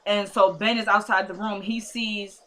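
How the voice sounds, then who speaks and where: A woman's voice: medium pitch, flat delivery, normal speed, pushed and bright. A woman casually recapping a TV episode in a chatty way, with sassy asides, retelling scenes through quoted dialogue.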